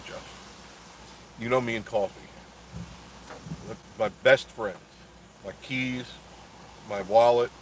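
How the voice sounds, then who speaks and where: An older man, hosting a live stream and chatting casually as he reads out viewer comments, rambling and laughing often. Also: on the low side. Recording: faint background noise.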